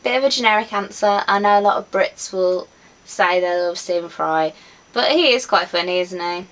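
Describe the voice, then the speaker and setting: A woman's voice: fairly low pitch, moderate pace, fairly bright tone, rough recording. A woman, chatting casually to camera with easy laughs and trailing asides. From West Midlands, England. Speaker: vlogger.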